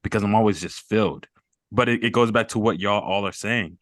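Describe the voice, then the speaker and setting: A man's voice: fairly low pitch, a little fast, a bit bright, no echo, studio quality. A man hosting a mental health group call, talking earnestly and rambling, repeating words and laughing off his emotions.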